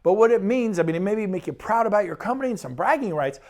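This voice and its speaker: A man, a real estate broker, giving an enthusiastic and persuasive sales pitch presentation. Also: lively intonation, a little mellow. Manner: enthusiastic, persuasive, rapid lists.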